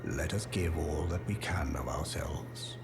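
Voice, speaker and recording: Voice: a bass voice, unhurried, over loud music. An actor playing a solemn, devoted follower in a video game, speaking in a whisper. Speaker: game character.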